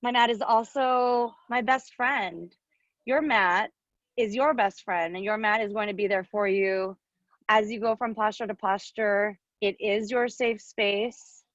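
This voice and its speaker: A woman leading a yoga class over a video call, calm and friendly with playful asides. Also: mid-range voice, measured pace, no room sound. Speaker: yoga instructor. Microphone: video call microphone. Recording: dull, lo-fi video call audio.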